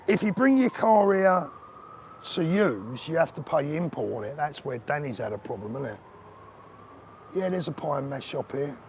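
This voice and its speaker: A chatty man with a slightly high voice, talking casually into a phone as he walks outside. Faint street sounds and passing cars sit behind him, and he keeps up a relaxed, bantering chat with viewers. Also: a little slow, long pauses, a little hiss or hum. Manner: chatty, banter-filled, answers viewers by name. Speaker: vlogger host reading live chat. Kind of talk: casual live-stream chat while walking. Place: outdoors on a street.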